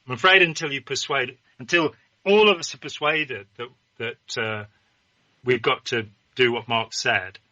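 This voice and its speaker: Emphatic man with a very bright voice. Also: medium pitch, unhurried, no room sound, lo-fi sound. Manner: emphatic and opinionated. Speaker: guest. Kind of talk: political discussion.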